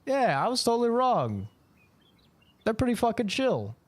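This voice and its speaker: A man's voice: extremely high pitch, wildly swooping pitch, moderate pace, no room sound. Rambling, swearing male streamer, dry sound. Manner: loose, rambling storytelling with frequent swearing. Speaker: live streamer. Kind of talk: casual chat while gaming on stream.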